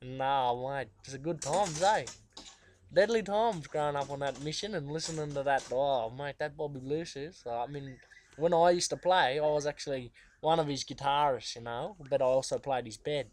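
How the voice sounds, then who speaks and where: A man's voice: fairly high pitch, normal speed, a little mellow, natural voice. A man playing a cheeky Aussie guitarist. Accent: Australian. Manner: rambling, slangy, full of fillers. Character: cheeky laid-back male outback guitarist. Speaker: musician being interviewed. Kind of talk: comedic character interview.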